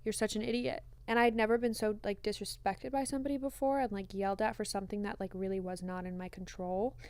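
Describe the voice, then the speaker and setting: A woman's voice: mid-range voice, fairly even intonation, fast, darkish tone, clear, resonant tone, dry recording. A young woman co-hosting a podcast, animatedly telling a story and acting out the quotes. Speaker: podcast co-host. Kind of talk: casual storytelling chat.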